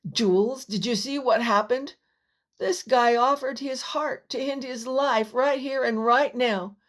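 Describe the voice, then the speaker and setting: Woman reading a kind young man, earnest and soothing, slow pace. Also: a little high, voice pushed up. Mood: gentle.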